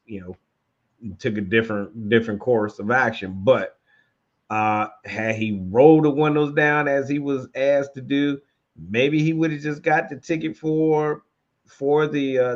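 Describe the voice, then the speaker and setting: Male co-host commenting casually, mid-pitched, recorded with a dull lo-fi sound. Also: fairly even intonation, measured pace. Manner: rambling, many restarts and fillers. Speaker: show co-host.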